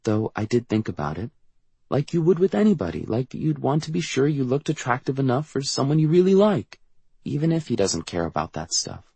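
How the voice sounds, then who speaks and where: A man reading an audiobook, voicing a teenage girl who pleads softly with her brother. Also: medium pitch, very animated, brisk, gravelly, husky, no echo, voice pushed up, exaggerated voice. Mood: earnest. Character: teenage girl Mel, worried sister.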